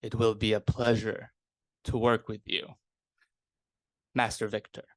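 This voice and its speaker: A formal, dutiful male retainer, voiced by a man in a tabletop game, who is stiffly polite. He speaks slowly and carefully. The recording is dry. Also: on the low side, flat delivery, dry recording, lightly acted.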